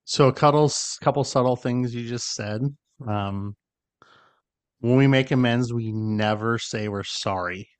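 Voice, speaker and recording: A man's voice: mid-range voice, measured pace, clean tone, no room sound. A man co-hosting a podcast, explaining ideas in casual conversation and often checking in with "right?". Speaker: podcast co-host.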